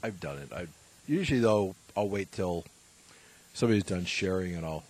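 A man co-hosting a casual talk show, speaking in quick, offhand bursts. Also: low voice, animated, husky, rough recording. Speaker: podcast co-host. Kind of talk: casual chat.

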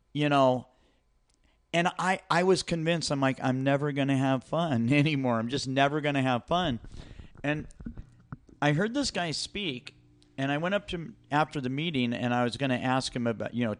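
A man's voice: a little high, a bit bright. A man telling a story in casual chat, loose and profane.

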